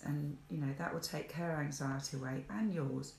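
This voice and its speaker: A woman's voice: deep voice, fairly even intonation, moderate pace, creaky, noisy background. A woman in a recovery group chats hesitantly, with many fillers and restarts. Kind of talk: casual chat. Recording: echoey room.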